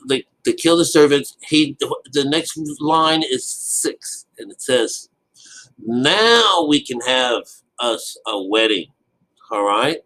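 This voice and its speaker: Man, slightly high voice, rambling casual bible talk, lots of restarts. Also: a bit bright, poor audio. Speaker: Bible teacher. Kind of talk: casual spoken Bible commentary.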